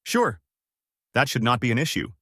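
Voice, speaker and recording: A man's voice: medium pitch, very animated, moderate pace, a bit bright, breathy edge, no room sound, studio quality. A man voicing a cheerful, trusting young male fighter, upbeat and eager.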